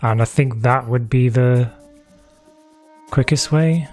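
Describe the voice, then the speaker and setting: A man's voice: mid-range voice, slow pace, a little mellow, soft background music. A man chatting casually while streaming a game, thinking aloud and trailing off. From England. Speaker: gamer streaming a playthrough. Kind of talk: casual gameplay commentary. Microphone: desk mic that keeps disconnecting.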